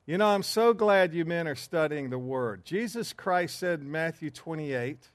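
A man's voice: fairly high pitch, lively intonation, normal speed, no echo. A man teaching a men's group in an earnest, emphatic preaching style, with asides along the way.

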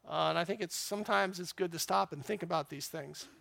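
A man's voice: sits high, a little fast, creaky, bright, forceful tone. A man giving an informal, rambling church talk to a men's group. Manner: conversational, rambling with fillers.

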